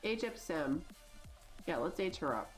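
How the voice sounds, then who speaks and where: A woman's voice: fairly low pitch, big pitch swings, unhurried, soft background music. A woman in her thirties, hosting a gaming channel, chatting casually and rambling with lots of likes and you-knows as she plays. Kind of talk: casual chat while playing a life-sim game.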